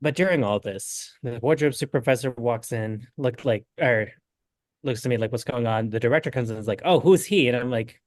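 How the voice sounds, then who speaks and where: Young adult man, guest storyteller, lively quoting of others, dry close recording. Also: medium pitch, a little fast, dry recording. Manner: animated, acts out quotes with lots of "I'm like". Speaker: guest knitting designer. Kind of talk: casual interview storytelling.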